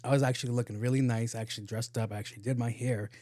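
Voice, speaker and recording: A man talks alone on his podcast and tells a work story, slipping into little voices for the people he quotes. His voice is mellow and relaxed. The sound is dry and close, with almost no room around it. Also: mid-range voice, rapid-fire, no room sound. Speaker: podcast host. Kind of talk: casual solo podcast monologue. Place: home studio, on camera.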